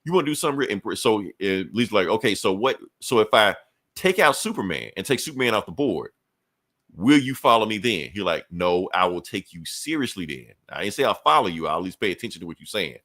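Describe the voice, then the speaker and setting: A man with a fairly low voice loosely recounting a comic book plot on a podcast. He talks casually, drops in the characters' lines as quick asides, and swears freely. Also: very animated, fairly bright tone. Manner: frequent profanity and fillers. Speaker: podcast host.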